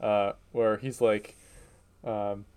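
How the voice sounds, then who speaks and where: Casual male co-host, lowish voice, hesitant and laid-back. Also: flat delivery, drawn-out words, darkish tone, clean tone. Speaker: podcast co-host. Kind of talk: casual chat.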